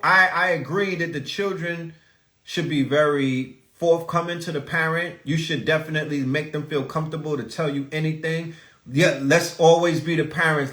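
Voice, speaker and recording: A man's voice: a little high, a bit bright, echoey room. A man hosting a live stream, ranting in a preachy, profane way and asking rhetorical questions. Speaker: podcast host.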